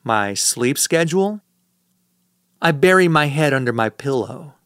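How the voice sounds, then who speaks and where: A man reads a first-person audiobook with a dry, sardonic edge, his mid-range voice smooth and resonant. The recording is close and dead dry, with no room sound at all. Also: mid-range voice, lively intonation, unhurried, fairly bright tone, no room sound. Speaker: audiobook narrator.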